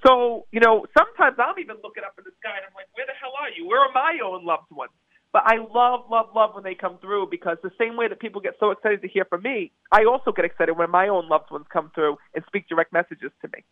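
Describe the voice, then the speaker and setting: He talks fast with few pauses, his high voice dry and tinny over the phone. As a psychic medium guest in a phone-in interview, he eagerly recounts stories and keeps repeating words for emphasis.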